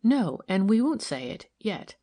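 A woman voicing a kind young female investigator who asks gentle, probing questions in an audiobook. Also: medium pitch, very animated, a little slow, voice pushed up. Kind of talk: audiobook character reading.

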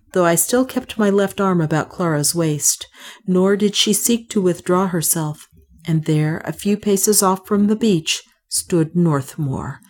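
A woman reading a story aloud as narrator, in a measured, even storytelling manner. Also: lowish voice. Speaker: audiobook narrator. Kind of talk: scripted narration.

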